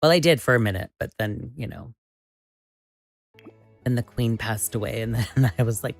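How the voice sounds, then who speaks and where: Low-voiced excitable woman streamer. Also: moderate pace, vocal fry, long pauses, faint music behind. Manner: excitable, exclaims often, laughs easily. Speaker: livestream host. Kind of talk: casual live-stream chat while building.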